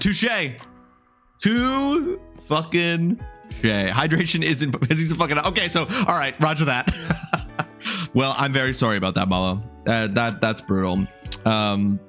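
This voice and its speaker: A young adult man streaming a video game and talking casually with his chat. He jokes a lot, welcomes viewers by name and often restarts or drifts off mid-thought. Faint music plays softly behind him. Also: medium pitch. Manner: chatty and joking, greets viewers by name, wanders off mid-sentence.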